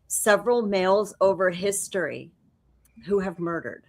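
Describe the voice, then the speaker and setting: A woman's voice: mid-range voice, lively intonation, normal speed. A woman from New Orleans co-hosting a talk show, recounting stories in a matter-of-fact way. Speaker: co-host. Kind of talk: casual interview chat.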